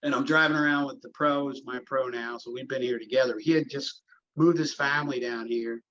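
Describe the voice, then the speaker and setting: A middle-aged man chatting through a podcast interview, winding through his stories with plenty of "uh" and false starts. His voice sits at an ordinary middle pitch, and the recording is dull and lo-fi. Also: fairly even intonation, brisk, pushed and bright. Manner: rambling storyteller, many fillers and restarts. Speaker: golf course superintendent.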